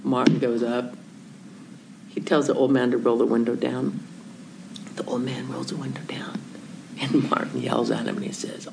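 With a gravelly bass voice and a moderate pace, a woman tells a faith-based story in a conversational style, pausing often. She performs the voices of the story's characters and sometimes slips into a whisper. The audio is poor, with slight background noise.

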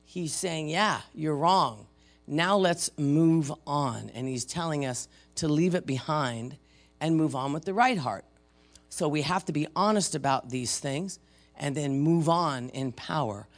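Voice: mid-range voice, measured pace, soft background music. A preacher giving a sermon and retelling a story, talking casually and asking the audience questions. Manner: conversational, asks the audience questions.

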